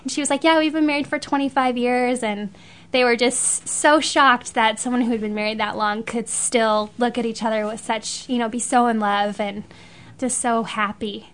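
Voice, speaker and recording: A young woman tells a story in a chatty, animated way, her speech sprinkled with "like". Her voice sits a little on the high side. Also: moderate pace. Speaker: interviewee. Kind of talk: casual interview storytelling.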